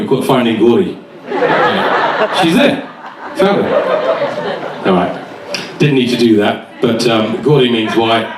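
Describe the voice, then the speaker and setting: A man doing stand-up, swearing freely and teasing the audience. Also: on the high side. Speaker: stand-up comedian. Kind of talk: stand-up comedy set with crowd work. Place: comedy club stage. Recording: echoey club, distant mic, loud audience.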